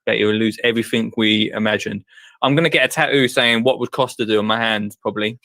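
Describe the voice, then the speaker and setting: Excitable guy hosting a live stream, trips over his words, dry close sound. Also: on the low side, fast, no echo. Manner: excitable, breathless, full of restarts. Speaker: host.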